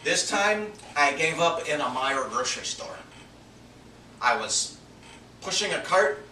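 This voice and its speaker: A man serving as minister tells a personal story in a sermon, his voice on the high side, animated, sharp, and measured in pace. Earnest and confessional, he lowers to a near-whisper for what he was thinking. It was recorded from afar in an echoey space with faint background noise.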